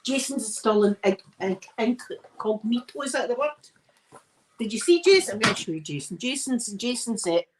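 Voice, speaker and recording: A woman's voice: fairly high pitch, animated, moderate pace, a little hiss or hum, low-quality recording. Tired, chatty Scottish woman. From Scotland. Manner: chatty, rambling, self-mocking. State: tired and yawning. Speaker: ASMR livestream host. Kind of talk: casual chat while ironing.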